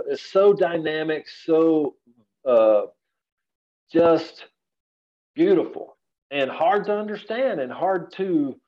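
Heard through a muffled recording, a medium-pitched man from Central Texas, USA, speaks as a rancher guest on a podcast from his office. The conversation is relaxed, and he's earnest, folksy and rambling.

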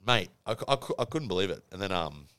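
A man's voice: deep voice, quick pace, no echo, clean studio sound. An Australian man on a podcast, telling a story in casual chat with plenty of swearing and acted-out dialogue. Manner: animated, swears a lot, acts out both sides. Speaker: podcast host.

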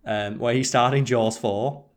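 Guy on a podcast just chatting, swears a lot, goes off on long stories, normal middle pitch. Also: fairly even intonation, measured pace. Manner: rambling storyteller, swears freely, mimics people in quotes. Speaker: podcast co-host. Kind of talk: casual chat.

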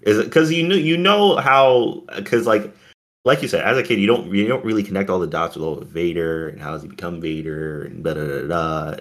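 Man, very low voice, rambling, gushing, casual chat. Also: brisk, a bit bright. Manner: rambling, gushing fan talk.

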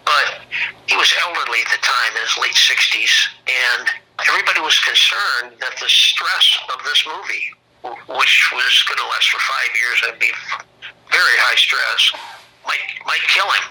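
Raspy, gravelly-voiced man telling stories. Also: medium pitch, moderate pace, pushed and bright, low-quality recording. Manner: rambling, with restarts and acted-out quotes. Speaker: author recounting film casting. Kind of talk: casual storytelling.

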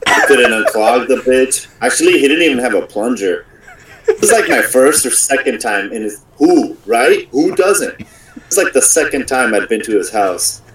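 A man's voice: mid-range voice, expressive, moderate pace, a bit bright, recorded from a distance, slight background noise, rough recording. A man co-hosting a casual podcast chat, telling a crude, profane story about himself. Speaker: podcast co-host.

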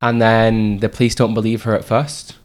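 A man's voice: fairly low pitch, flat delivery, moderate pace. A young man telling stories in a casual chat, laughing often and swearing.

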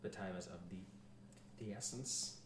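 A man's voice: sits low, far from the mic. A man putting on a prim old French-accented spirit. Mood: measured. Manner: slow, measured and formal. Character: old male spirit advisor, prim and apologetic. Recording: echoey room, noisy background.

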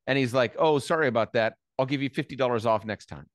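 A man's voice: medium pitch, fast talker, no echo, studio quality. A man hosting an interview, telling his own story in a rambling casual way with restarts. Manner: rambling, restarts, swears when worked up. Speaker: interviewer, host. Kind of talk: casual chat and anecdote.

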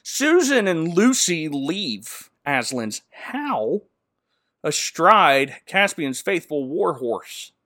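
A man hosting a comedy podcast, recapping a film with jokes and mocking little character voices. His voice sits high and bright, swinging widely in pitch. The sound is close and dry, with no room around it. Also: extremely slow, no echo. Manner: animated, jokey, slips into mocking character voices. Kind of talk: casual comedic movie recap.

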